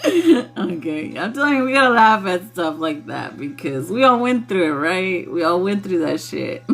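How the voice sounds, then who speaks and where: A woman's voice: mid-range voice, very animated, unhurried, vocal fry, faint music behind. A woman hosting a casual spiritual livestream who laughs often and swears freely in a loose, playful way. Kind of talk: casual chat with viewers.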